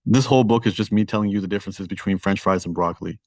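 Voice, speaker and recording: Candid Toronto man, low voice. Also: steady tone, very fast, darkish tone, dry recording, studio quality. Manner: candid, self-deprecating, conversational. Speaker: guest author. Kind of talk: casual podcast interview.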